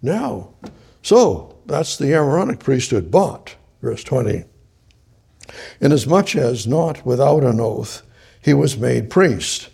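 A man preaching a Bible study sermon, halting and restarting his phrases as he works through a passage. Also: medium pitch, big pitch swings, creaky, warm tone, slightly rough.

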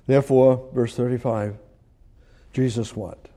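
Mellow-voiced man preaching a sermon. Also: medium pitch, expressive, measured pace, pauses often. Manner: conversational preaching with rhetorical questions and chuckles; swings from emphatic to hushed.

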